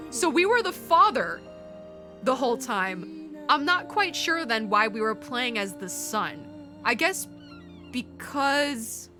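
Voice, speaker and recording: A woman streamer crying and stuffed up, exclaiming and laughing through tears as she reacts live to a game ending. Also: sits high.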